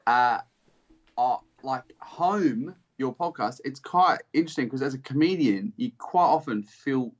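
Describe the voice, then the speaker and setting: A man's voice: medium pitch, animated, a little slow, highs cut off. A man talking as a comedian guest on a podcast from his home studio over a video call, rambling and swearing, often searching for words. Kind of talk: casual chat.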